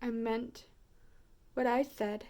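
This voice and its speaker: A woman voicing a faithful, gentle male elephant who speaks in an earnest, steady way. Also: a little high, slow pace.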